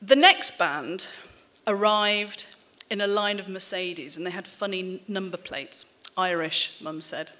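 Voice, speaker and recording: A woman author in her forties, from the English-Welsh border country, reading a memoir aloud to an audience in a wry, measured way with dry asides. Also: medium pitch, pushed and bright. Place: stage in a hall. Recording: reverberant hall.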